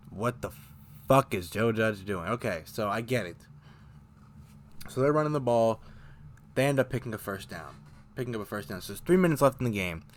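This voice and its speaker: A man's voice: medium pitch, a little hiss or hum. A man hosting a casual fan recap of a football game, rambling and correcting himself as he goes, getting heated over bad plays. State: choking up, briefly coughing. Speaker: fan show host.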